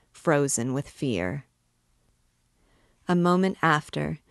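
Woman reading a classic novel aloud, low voice, unhurried, no room echo at all. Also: clean studio sound. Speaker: book reader and guide.

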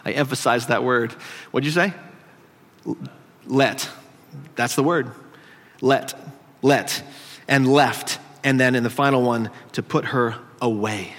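A man's voice: medium pitch, steady tone, slow, long pauses, a bit bright, big-room sound. A male pastor preaching a conversational sermon in a church, teasing his congregation as he teaches. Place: church sanctuary.

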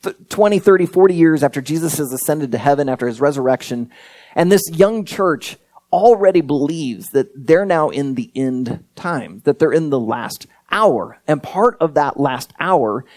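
Animated, conversational male pastor preaching. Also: on the high side, moderate pace. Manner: conversational preaching with frequent fillers and restarts, rising emphasis. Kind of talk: sermon.

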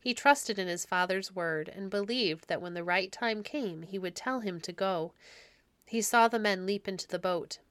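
A woman hosting a storytelling podcast, reading classic stories aloud in a gentle, measured way. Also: mid-range voice, dry recording. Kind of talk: storybook read-aloud narration.

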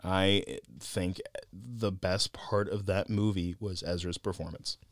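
A man co-hosting a casual podcast film review, animated and laughing often as he acts out lines he quotes. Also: low-pitched, slow, dry recording, clean studio sound.

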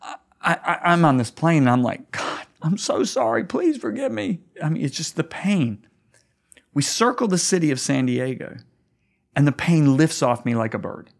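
Middle-aged man, a pastor telling a story, earnest and emphatic, mid-pitched voice that climbs when stirred. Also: lively intonation, normal speed. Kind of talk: storytelling in a conversation.

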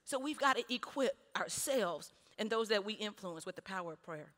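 A woman preaching a sermon, animated, with punchy repeated refrains and laughing between lines. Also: medium pitch, brisk, few pauses. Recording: long hall reverb.

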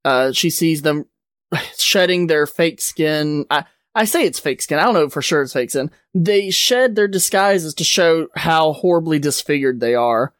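A podcast host, a man with a fairly high, fairly bright voice, loosely recaps a comic book's plot at a measured pace. His retelling rambles and is packed with "like" and "uh." The recording is studio quality and has no echo.

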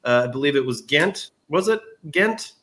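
A man telling history as casual podcast chat, animated and quick to joke. His voice is bright and sits a bit high for a man. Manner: animated, jokey retelling of history. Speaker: podcast guest.

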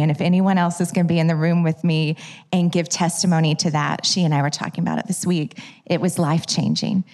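A woman with a slightly low voice teaches a church audience about prayer. She tells her stories in an animated way and acts out the lines she spoke.

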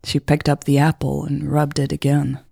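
A woman host reading a romance story aloud in a calm, measured way. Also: low voice, creaky, no room sound. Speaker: podcast storyteller. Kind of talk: story narration. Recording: faint music behind.

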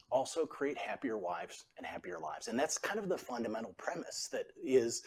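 Middle-aged male guest for an interview podcast, mid-pitched voice, animated as he acts out quotes. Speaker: guest, former CEO and author.

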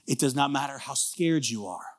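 A man preaching a sermon as a pastor, conversational and animated, with frequent restarts and emphatic rises. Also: mid-range voice, normal speed.

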